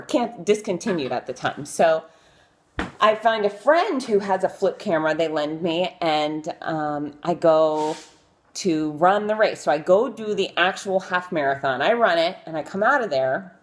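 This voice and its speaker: A woman vlogger casually telling stories about interviewing celebrities, chatty and self-deprecating, with many fillers. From Florida. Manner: chatty and animated, acting out quotes in a high voice. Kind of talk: casual live-stream storytelling.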